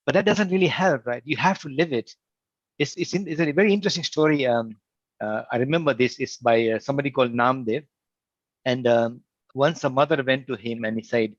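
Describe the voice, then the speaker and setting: A man on a livestream panel telling anecdotes, animated and acting out the quotes in his stories. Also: medium pitch, brisk, dry recording, lo-fi sound. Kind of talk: anecdotal storytelling in discussion.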